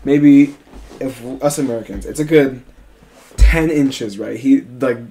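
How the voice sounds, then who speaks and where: A young man co-hosting a casual podcast, telling a story in an animated, profane way. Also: medium pitch, measured pace. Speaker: podcast co-host.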